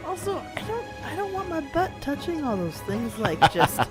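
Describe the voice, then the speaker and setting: A woman co-hosting a podcast live stream, bubbly and excitable, with the hiccups. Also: high-pitched, normal speed. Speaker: podcast co-host. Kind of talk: casual live-stream chat. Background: game music.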